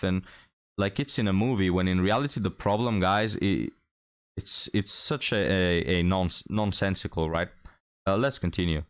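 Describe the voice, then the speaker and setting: Low-voiced man rambling to viewers. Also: normal speed, smooth. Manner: rambling, repeats himself, addresses viewers as guys. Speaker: reaction commentator. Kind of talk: casual commentary over a played clip.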